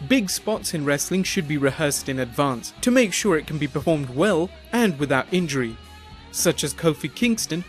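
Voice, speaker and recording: A man reading a scripted countdown narration in a measured, explanatory tone. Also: a little high. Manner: measured, reads numbered entries in an even explanatory tone.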